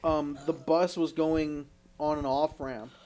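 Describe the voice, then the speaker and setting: A young man from Canada with a fairly high-pitched voice tells stories on a casual podcast. He swears freely and acts out what people said, with plenty of energy. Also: slow, a little hiss or hum. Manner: animated, swears a lot, acts out quotes. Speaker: podcast co-host. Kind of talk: casual storytelling chat.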